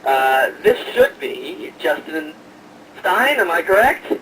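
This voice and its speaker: A man's voice: on the high side, very animated, takes it slowly, a bit bright, recorded from a distance, slight background noise, rough recording. A man hosting an online radio show, chatting casually and jokingly with lots of hesitations and fillers.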